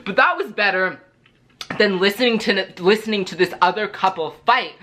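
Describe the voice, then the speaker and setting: A young man telling storytime anecdotes in a vlog, chatty and animated, packed with filler words. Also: high-pitched, moderate pace. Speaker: vlogger.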